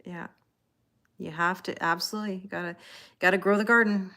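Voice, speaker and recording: A chatty woman with a Canadian accent hosts a live tarot stream, answering viewer comments one by one. Her voice sits a little low, and she keeps checking in with a reassuring "you know?". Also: steady tone, a little fast, sharp tone. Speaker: tarot reader hosting a livestream. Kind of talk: casual live chat, reading out viewer comments.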